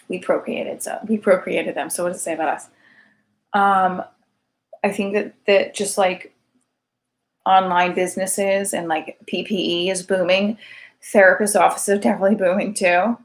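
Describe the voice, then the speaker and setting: A woman in her thirties rambles through a comic monologue in a mid-pitched voice. She talks in a chatty, digressive way, stacks up fillers and lands sarcastic, self-mocking punchlines. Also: fairly even intonation, moderate pace. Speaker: single mother comic.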